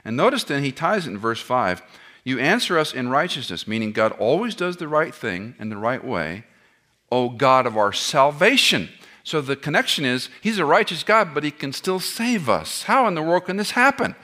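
A man preaching an expository sermon, animated, firing rhetorical questions at the audience and dropping joking asides. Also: mid-range voice, moderate pace.

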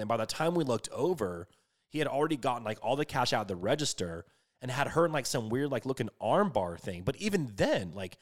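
A young man telling a story in casual chat, animated, swearing freely and filling his talk with "like". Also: medium pitch. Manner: animated, swears a lot, many fillers.

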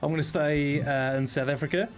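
A man on a sports radio panel, calmly explaining his picks in casual banter. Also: fairly high pitch, brisk, soft background music.

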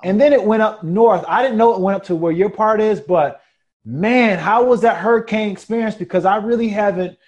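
A man co-hosting a podcast in a relaxed, easygoing chat, laughing often. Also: high voice, moderate pace, dull audio. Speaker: podcast co-host.

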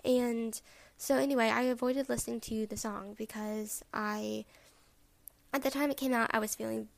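A young woman hosting a podcast, talking reflectively and haltingly with many ums, open about her feelings. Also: on the high side, fairly even intonation, gravelly. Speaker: podcast host. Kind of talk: personal reflective podcast talk.

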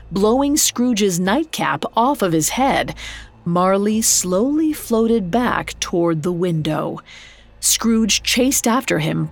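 A woman narrating a scripted story in a measured storytelling manner. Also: medium pitch. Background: faint music.

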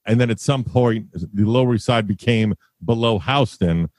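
A man's voice: lowish voice, moderate pace, darkish tone, dry recording. Man, podcast guest, easygoing storyteller, dry close mic. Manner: laid-back, rambling with fillers. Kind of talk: casual chat, storytelling.

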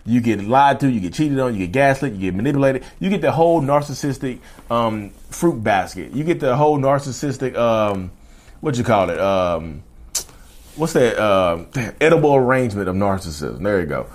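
A man talking straight to his listeners in a loose, animated solo podcast. His pitch sits in a middle range, and he circles back over his points, restarting lines as he thinks. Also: normal speed. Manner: animated, chatty, repeats and restarts himself. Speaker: podcast host. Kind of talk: casual solo podcast monologue.

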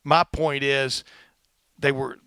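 Brief: male sports podcast host with a Texan twang, quick and jokey, bright voice, dry close mic. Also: medium pitch, little pitch movement, clear, resonant tone, no room sound. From Texas. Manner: fast talker, joking, uses fillers. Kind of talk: casual sports podcast chat.

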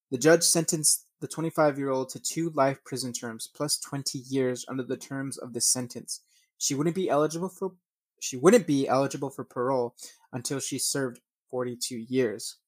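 A man's voice: medium pitch, a little mellow, no room sound. A man narrating true crime cases, reading from news articles and adding blunt, swearing commentary, often stumbling and restarting. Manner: reads news text then rants with swearing; stumbles and restarts over names.

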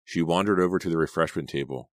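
A male audiobook narrator with a very deep, low voice tells the story at a steady pace. The recording is dry and close, with no room sound. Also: fast talker, no echo. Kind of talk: scripted narration.

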